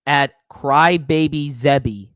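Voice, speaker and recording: A man's voice: a little high, slow, fairly bright tone, dry recording, clean studio sound. A man hosting a live stream, reading viewer comments aloud and answering them with sarcastic, mocking commentary.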